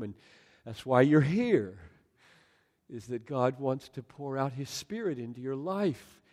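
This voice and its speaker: A male pastor preaching a sermon in a large room, swinging from loud emphatic lines to soft, near-whispered ones. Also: medium pitch. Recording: long hall reverb.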